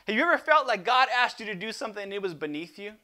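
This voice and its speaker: A man preaching a sermon as pastor, impassioned and swinging from loud emphasis to hushed intensity, often repeating words as he restarts. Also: sits high, very animated, racing.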